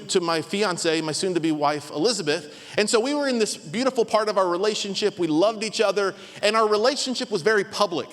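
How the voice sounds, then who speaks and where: High-voiced pastor guy, lively storytelling sermon, big echoey church. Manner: animated, acts out voices in his stories. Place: large church hall. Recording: long hall reverb.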